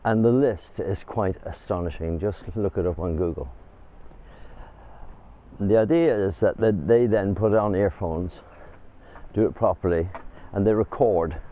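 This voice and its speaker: A man's voice: fairly low pitch, unhurried, dark tone, rough recording. An older man from England hosting a casual vlog, chatting in a rambling way while walking uphill outdoors, a little out of breath. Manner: chatty, rambling, breaks off mid-thought. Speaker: vlog host. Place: outdoors, walking through a village.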